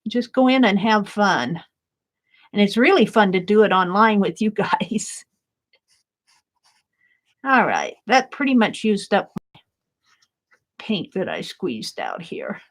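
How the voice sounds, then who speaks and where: A woman art vlogger chatting and gushing while she paints, laughing often and thanking viewers warmly. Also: mid-range voice, very animated, slow pace, pauses often.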